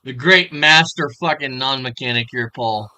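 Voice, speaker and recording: A man's voice: mid-range voice, normal speed, sharp tone. A man giving crude, mocking reaction commentary on a stream, often breaking into laughter. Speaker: stream reviewer.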